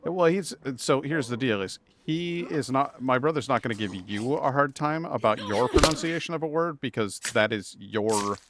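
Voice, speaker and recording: A man's voice: medium pitch, moderate pace, hardly any pauses, fairly bright tone, a little hiss or hum. A man from Massachusetts with a New England accent, chatting casually as he streams a video game. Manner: chatty, rambling, self-deprecating asides. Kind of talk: live game commentary.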